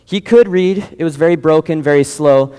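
A man's voice: a little high, normal speed, warm tone, clean tone. A young man preaching a sermon, telling mission stories in a casual, digressive way. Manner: casual, digressive, many fillers. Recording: long reverb, large hall.

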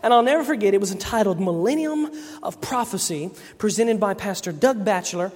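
A man's voice: sits high, fairly quick. Man preaching in a reverberant hall. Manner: animated storyteller, acts out quoted voices. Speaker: preacher giving testimony. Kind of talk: sermon testimony storytelling.

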